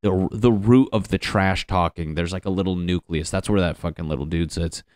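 A man from Connecticut rambles through a solo comedy podcast with a deep, low voice. He swears freely and mocks himself as he riffs. The sound is dry and close. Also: fairly even intonation, moderate pace, a little mellow, no room sound. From Connecticut, USA. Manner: profane, self-mocking, riffing. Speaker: podcast host.

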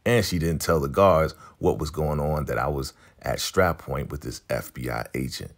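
A man casually recapping a TV episode, retelling scenes and acting out the characters' lines in a lively way. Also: moderate pace. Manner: animated retelling, jumps into high voices for quoted characters. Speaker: show recap host.

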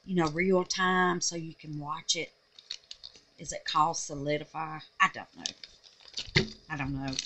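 A woman's voice: lowish voice, a bit bright, a little hiss or hum. A woman chatting through a soap-making vlog, gushing and exclaiming and calling her viewers honey and babies. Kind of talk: casual craft vlog chat.

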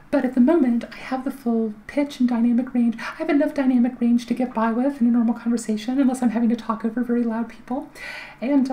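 This vlogger shares voice tips in a relaxed, talkative manner, often using fillers and starting over. Her light, slightly high voice is warm but doesn't carry much volume, and the recording is rough.

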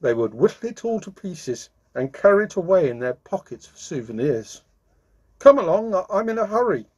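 A man voicing a merry, kindly old Santa Claus who talks in a hearty, brisk way. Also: sits high, very animated, breathy edge, voice pushed up, full character voice.

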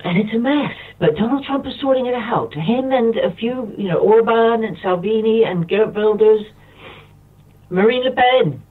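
A man's voice: high-pitched, moderate pace. Emotional man on a distant phone line. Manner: rambling, impassioned, repeats himself. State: emotional, close to tears. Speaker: radio show guest. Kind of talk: impassioned monologue.

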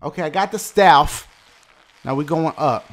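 A man giving loud, profane commentary while he plays a video game, often yelling at what happens on screen. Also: a little high, unhurried, slight background noise. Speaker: gaming YouTuber. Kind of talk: gameplay commentary.

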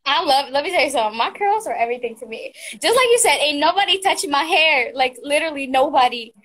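A woman's voice: high voice, animated, fast, fairly bright tone. A young woman chatting as a guest on a live stream, enthusiastic, with a lot of "like" as she talks. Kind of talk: casual live stream chat.

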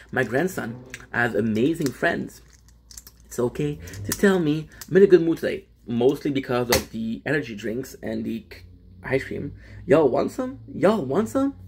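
A man's voice: medium pitch, slight background noise. A young French Canadian man hosting a casual livestream, chatting and greeting viewers by name with frequent restarts. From Quebec, Canada. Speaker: livestream host.

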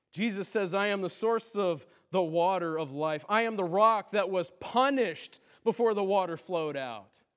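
High-voiced impassioned male preacher. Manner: impassioned preaching, rising to loud cries then dropping low. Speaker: pastor. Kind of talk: sermon. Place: church sanctuary.

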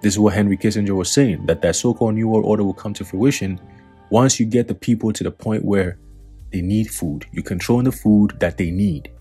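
A man's voice: fairly low pitch, brisk, dark tone, slightly rough, faint music behind. A man reading news quotes aloud and commenting on them in a profane, preaching tone, with sardonic asides. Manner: reads quotes then comments, mocking and sardonic laughs. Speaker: religious commentator.

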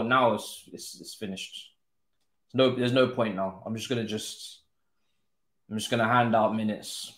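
A young man, commentating his own football game live, groaning, swearing and now and then cheering loudly. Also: mid-range voice, echoey room. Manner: exasperated, groaning and swearing, swinging to loud cheers. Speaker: gaming streamer.

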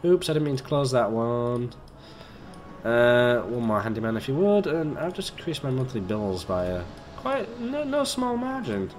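Chatty man with a lively voice. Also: mid-range voice, normal speed, slight background noise. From Britain. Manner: chatty, joking, swears, talks to himself. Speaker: gamer. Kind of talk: let's play commentary.

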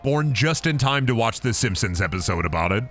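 A man's voice: mid-range voice, lively intonation, brisk, fairly bright tone. A young man giving goofy, joking commentary on a game stream, swearing and laughing often.

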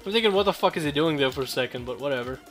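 High, bright-voiced young gamer man. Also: animated, racing, soft background music. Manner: joking, profane, rambling trash talk. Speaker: gameplay commentator. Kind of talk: casual gameplay commentary.

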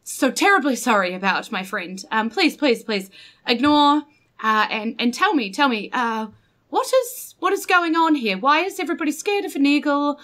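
A woman's voice: on the high side, lively intonation, moderate pace, fairly bright tone. A woman with a New Zealand accent playing a charming, apologetic male bird adventurer, giggly and eager. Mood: friendly.

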